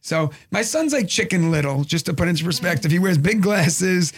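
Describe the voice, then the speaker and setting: Man, high voice, husky, rambling profane storyteller. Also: animated, normal speed. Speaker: guest telling a story. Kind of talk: casual comedic storytelling.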